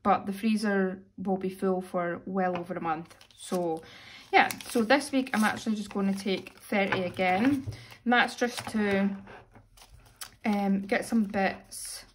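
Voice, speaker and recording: A young British woman, a little hoarse, chatting casually as she counts out cash for her weekly budget. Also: mid-range voice, steady tone, a little slow, slight background noise. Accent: British English. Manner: chatty, self-narrating, counting money aloud. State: slightly hoarse, losing voice. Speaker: budgeting vlogger. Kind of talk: casual chat while cash stuffing.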